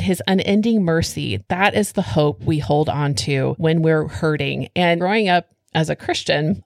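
A middle-aged woman co-hosts a faith podcast in a lowish voice, earnest and animated as she tells her stories. The sound is close and dry, with no room around it. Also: no echo. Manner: earnest, animated storytelling with laughs. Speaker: podcast co-host.

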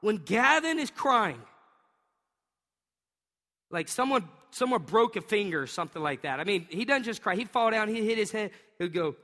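A pastor in his thirties, his voice sitting high at a normal speed, tells an energetic family story during a sermon. He laughs often and acts out the noises his kids make, and the recording has the reverb of a hall.

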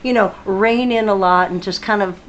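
A woman talks about her stage role in a lively, chatty way and laughs easily. Her voice has an average pitch. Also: normal speed, highs cut off, slight background noise. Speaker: stage actor. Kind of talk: casual interview chat.

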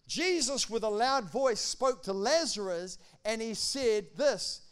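High-voiced preaching man, smooth tone. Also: slow pace, few pauses. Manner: animated preaching, acts out quotes, swings from loud to hushed. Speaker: pastor. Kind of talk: sermon.

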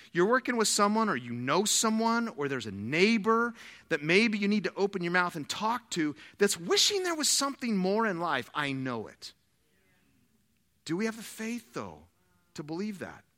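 A male pastor preaching with a bright, forceful voice and a lively, swooping delivery. He brings his stories to life by acting out the quoted lines of the people in them. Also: sits high, big-room sound. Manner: animated storytelling, acts out quoted dialogue. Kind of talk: sermon.

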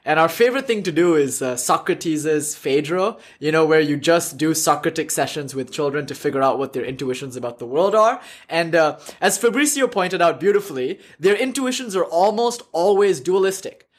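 Animated man lecturing a class. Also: on the high side, normal speed, few pauses. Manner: animated, laughs often, self-correcting. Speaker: lecturer on religion.

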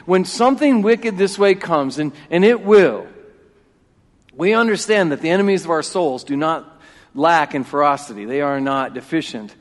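Man in his forties, pastor, slightly high voice, emphatic sermon, long church reverb. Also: expressive, normal speed. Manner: emphatic, repeats key phrases, swings between loud and hushed. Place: church sanctuary.

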